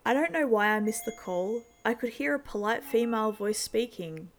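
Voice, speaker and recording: A woman's voice: a little high, moderate pace, a little hiss or hum. Tense woman telling a suspense story. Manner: tense, steady storytelling with sudden shouted outbursts. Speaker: story narrator. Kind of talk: scripted first-person suspense narration. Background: faint music.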